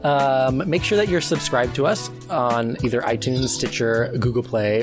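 A man's voice: mid-range voice, unhurried, hardly any pauses. Male podcast co-host, slightly drunk, loose and rambling, filler-heavy chat, faint music underneath. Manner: rambling with many ums and uhs. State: tipsy.

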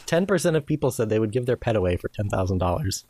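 A woman's voice: rumbling low, sing-song, fast, warm tone, slight background noise. A woman co-hosting a podcast, teasing her co-host in casual chat and putting questions to her. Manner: teasing, quizzes her co-host with would-you-rather questions.

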